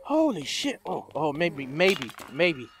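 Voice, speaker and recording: A man does let's play commentary in a fairly high, fairly bright voice with big pitch swings and a slow pace, with a little hiss or hum and game music behind him. He's jumpy and profane, shrieking when startled and muttering nervous words over and over.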